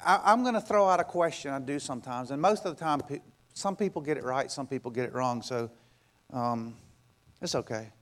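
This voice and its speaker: The sermon comes from a male pastor who is emphatic and repetitive, rattling off rhetorical questions and shifting between booming and hushed moments. He speaks briskly and expressively in a mid-range voice.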